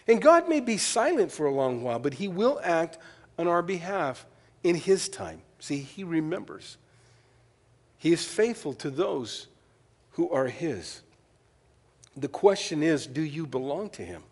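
A man preaching a sermon as pastor, telling stories with lively quoted asides and shifting between loud and soft delivery. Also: fairly high pitch, measured pace, long pauses, big-room sound. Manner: storytelling, animated asides and quoted voices.

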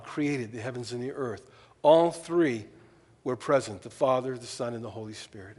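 A male preacher reads scripture aloud and stops now and then for casual, joking asides to his listeners. His voice sits at an ordinary pitch and rings with the long reverb of a hall. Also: darkish tone. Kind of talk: sermon with scripture reading.

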